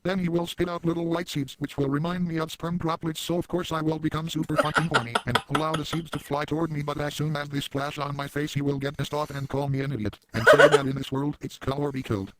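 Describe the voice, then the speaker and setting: A man voicing a crude, boastful adult cartoon dad in a rambling parody monologue with sudden loud outbursts. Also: on the high side, flat delivery, fast, few pauses, background noise, lightly acted. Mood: brash.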